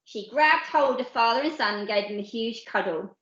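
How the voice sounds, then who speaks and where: Woman storyteller, higher voice, very lively delivery, roomy lo-fi sound. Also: moderate pace. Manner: lively, puts on voices for characters. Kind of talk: reading a children's picture book aloud.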